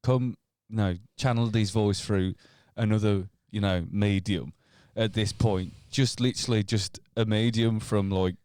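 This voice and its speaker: A man with a lowish voice co-hosting a podcast, riffing loosely and swearing. He pads his sentences with "like". The sound is dry and close. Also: fairly even intonation, unhurried, few pauses, darkish tone, clear, resonant tone, dry recording. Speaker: podcast co-host. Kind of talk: casual comedic chat.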